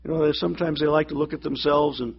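A man's voice: a little high, fairly even intonation, fast talker, gravelly, muffled recording, slight background noise. A man preaching a sermon, telling a joke and doing the voices of the people in it. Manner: storytelling, acts out voices in the joke. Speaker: pastor.

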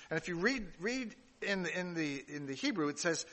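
A man's voice: on the high side, sing-song, a little slow, few pauses, a bit bright, long reverb tail. A man giving a sermon, reading scripture aloud and adding casual asides, with some restarts along the way. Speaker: pastor.

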